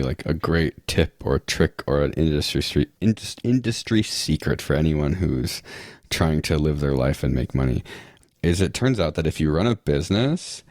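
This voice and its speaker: Man, very deep voice, dry close sound, rambling podcast guest, sarcastic asides. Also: a little mellow, dry recording. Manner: rambling, full of restarts and "like". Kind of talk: casual interview chat.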